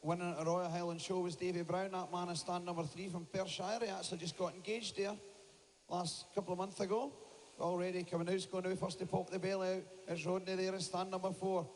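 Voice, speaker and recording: A man calls the action in quick, running play-by-play. His voice sits high but barely moves in pitch, a steady monotone chant. It carries over a PA through a big, reverberant show hall with a faint murmur of the crowd behind. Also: a little hiss or hum. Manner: rapid play-by-play, urging the crowd to cheer. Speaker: shearing commentator. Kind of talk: live sports commentary.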